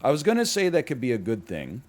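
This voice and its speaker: A man's voice: medium pitch, wildly swooping pitch, fast, a little mellow. A man streaming and chatting casually, rambling and joking at his own expense. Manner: rambling, self-deprecating, jokey voice bits. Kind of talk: casual chat while gaming.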